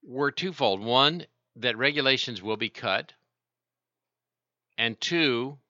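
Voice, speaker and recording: A man's voice: mid-range voice, lively intonation, takes it slowly, sharp tone, dry recording, muffled recording. A man hosting a call-in radio talk show, explaining markets in a rambling way with many restarts.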